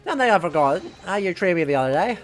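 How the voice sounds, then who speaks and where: A streamer reading a game aloud and voicing a resentful male banker juror who speaks up loudly. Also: medium pitch, animated, quick pace, faint music behind, close to an everyday voice. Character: bitter male banker juror back from abroad.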